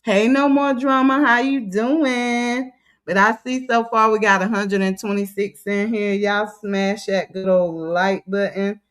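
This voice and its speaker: Chatty woman greeting her livestream viewers. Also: steady tone. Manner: chatty, drawn-out greetings, drops low when reading comments aloud. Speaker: livestream host.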